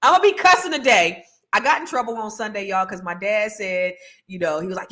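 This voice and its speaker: A woman's voice: medium pitch, fairly quick, bright, forceful tone. A woman, hosting a casual livestream and chatting animatedly with her viewers. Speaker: livestream co-host.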